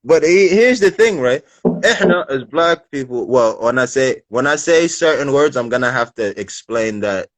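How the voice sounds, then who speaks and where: A man with English speech tinged with an American lilt, hosting a casual livestream chat and explaining things in an animated way with street slang, on a phone mic. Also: medium pitch, normal speed, no room sound. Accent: English with a slight American lilt. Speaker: livestream host.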